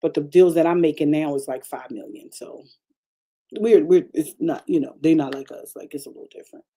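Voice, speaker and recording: A woman pastor preaching a conversational broadcast sermon, chatty and animated, repeating phrases and calling out to her congregation. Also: sits low, fairly quick. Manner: chatty, repetitive, calls out to the congregation; animated preaching with frequent restarts.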